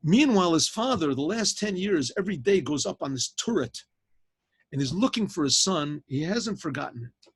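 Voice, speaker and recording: A man, a rabbi, telling a story to a class in a lively spoken way, often clearing his throat and restarting. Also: on the high side, normal speed. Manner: animated teller, frequent throat clearing and restarts. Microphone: video call.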